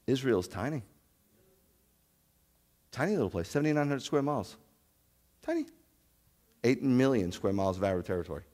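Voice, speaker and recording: A man preaching a sermon as a rabbi, animated, with rhetorical questions and loud scripture reading. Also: mid-range voice, normal speed, pauses often, long reverb tail. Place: congregation sanctuary.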